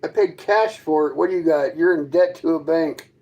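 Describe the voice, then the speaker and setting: A man's voice: a little high, normal speed, darkish tone, highs cut off. A man hosting a casual livestream from his trailer, mocking and arguing with his chat in a sarcastic, combative way. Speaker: livestream host chatting with viewers. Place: inside his fifth-wheel trailer.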